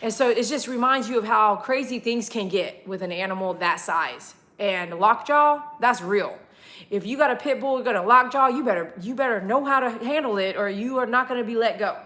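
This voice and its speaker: A woman groomer telling a lively story to her livestream viewers, acting out the dialogue and laughing often. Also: fairly quick. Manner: animated, laughing, acts out dialogue with big pitch jumps.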